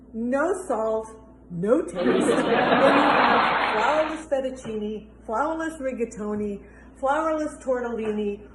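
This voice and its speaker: A middle-aged woman doing a stand-up comedy routine from her home kitchen, with punchy joke delivery. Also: heavy background noise. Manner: punchy joke delivery with bouncy, animated pitch.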